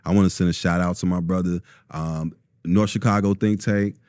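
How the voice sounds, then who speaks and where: Low, mellow-voiced man telling stories. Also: normal speed, clear, resonant tone, no echo, studio quality. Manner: relaxed storyteller, many ums, acts out quotes. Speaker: store owner, guest. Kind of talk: casual interview talk.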